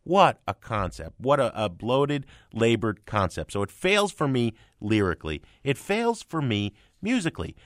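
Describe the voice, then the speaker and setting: This is a male music critic talking in a studio. His delivery is emphatic and mocking, and his pitch leaps all over the place. The sound is close and dry. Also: very animated, normal speed, few pauses, no room sound. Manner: emphatic, sarcastic, theatrical swings in pitch. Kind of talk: opinionated studio review chat. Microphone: studio microphone.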